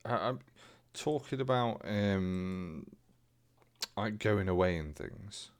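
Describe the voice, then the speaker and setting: A man's voice: lowish voice, animated, slow, clean tone. A young man co-hosting a podcast, telling rambling, self-mocking stories in casual chat. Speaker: podcast co-host.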